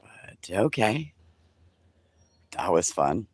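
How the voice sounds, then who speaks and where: Low, slow-talking sarcastic man. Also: big pitch swings, slightly rough, dry recording. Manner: sarcastic, profane, with whispered asides. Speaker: livestream host. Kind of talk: casual morning chat with viewers.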